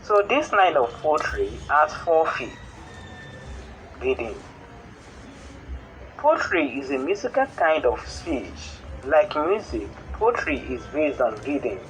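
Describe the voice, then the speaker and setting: A man with a Nigerian English accent teaching a school lesson on poetry in a steady, explanatory way. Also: a little high, takes it slowly, long pauses, slight background noise, low-quality recording. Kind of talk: classroom lesson on television.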